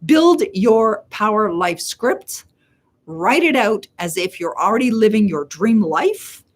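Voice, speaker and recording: A middle-aged woman from Canada hosting a live Q&A, telling stories in a chatty way and slowing down to stress her advice. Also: mid-range voice, animated. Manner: chatty storyteller, acts out quoted voices; slows and stresses key points. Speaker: host answering viewer questions. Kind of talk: live Q&A coaching talk.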